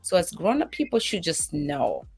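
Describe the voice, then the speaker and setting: Woman co-host, a mother, casual chat, animated storyteller. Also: on the low side, moderate pace, creaky, husky, soft background music. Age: adult mother. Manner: animated storytelling, voices her daughter and herself.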